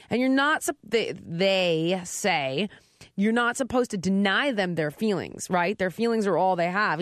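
Animated woman, dry close sound. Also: on the low side, no room sound. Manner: animated, acts out quotes with big voice swings. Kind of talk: casual conversation.

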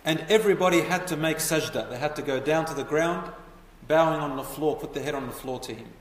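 A man's voice: on the high side, brisk. Give me a male lecturer narrating an old story in a big hall with a long echo, asking his audience questions. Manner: animated, asks the audience questions. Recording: echoey hall, voice from far off.

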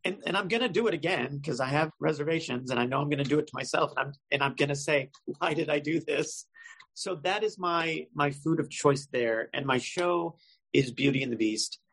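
A man with a gravelly, husky voice chats casually on a podcast. He spins a self-mocking story in a relaxed back-and-forth. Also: fairly high pitch, brisk, rough recording. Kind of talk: casual chat.

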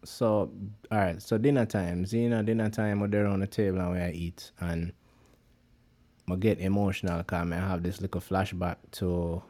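A man's voice: sits low, level tone, normal speed, warm tone. A man with a Jamaican accent, chatting casually as a podcast co-host in a rambling patois style. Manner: rambling Jamaican patois speech, many fillers. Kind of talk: casual chat.

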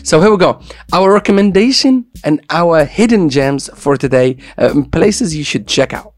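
A man's voice: a little high, animated, normal speed, no room sound. A man hosting a radio show in casual, joking chat, with playful banter and repeated catchphrases.

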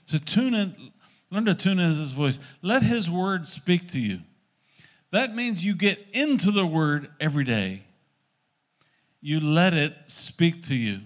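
A middle-aged man preaches a sermon in an easy, conversational way. His voice sits a little on the high side, and he slips into small acted-out dialogues to make his points. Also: very animated, a little slow. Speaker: pastor.

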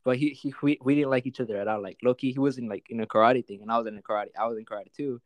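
A young man telling a childhood story in quick, casual, profane slang full of fillers. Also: medium pitch, fairly even intonation, dry recording.

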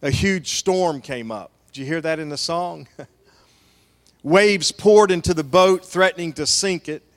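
A man's voice: on the high side, a little slow. A man preaching a sermon as the pastor, telling stories with folksy asides. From American South. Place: church sanctuary. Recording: long church hall reverb.

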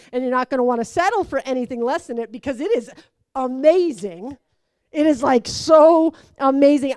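A woman giving a conversational sermon, telling stories with lively acted-out quotes. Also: fairly high pitch, no room sound. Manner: animated storytelling, acts out quotes. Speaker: preacher.

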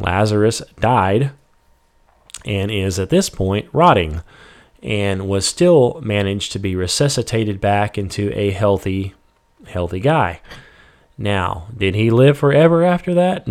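A man's voice: lowish voice, slow pace. A man in a casual Bible study, reading verses and then restating them in plain, everyday words, with "you know" and "um". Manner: reads scripture then paraphrases it plainly; relaxed, with fillers like "you know" and "um". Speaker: Bible teacher.

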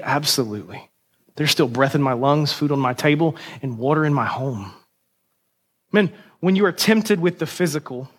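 A man's voice: fairly high pitch, a bit bright. A man preaching a sermon as pastor, emphatic and punchy, with rhetorical questions to the congregation.

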